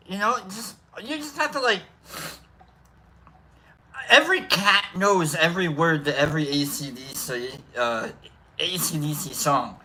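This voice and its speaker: A man's voice: fairly high pitch, normal speed, sharp tone, a little hiss or hum. A man hosting a casual livestream, rambling, musing aloud between coughs and reading out chat comments. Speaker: livestream host.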